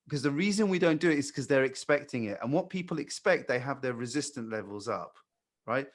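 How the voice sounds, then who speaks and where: A man coaching new hires on sales calls, calm and blunt, swearing casually. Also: mid-range voice, brisk. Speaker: sales trainer.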